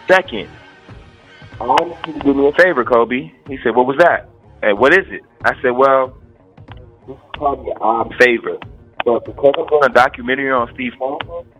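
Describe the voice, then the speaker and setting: A man from Maryland telling a personal story in a casual, animated way and acting out what people said. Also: mid-range voice, muffled recording. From Maryland, USA. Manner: animated, quotes people as he tells it.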